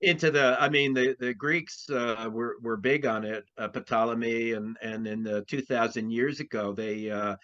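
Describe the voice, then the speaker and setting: Here the astrologer, a man interviewed in a conversational setting, holds a steady tone at a moderate pace with barely any pauses; his mid-range voice carries a slight brightness. Still, he wanders, restarting often and filling gaps with fillers, all captured in dull lo-fi sound.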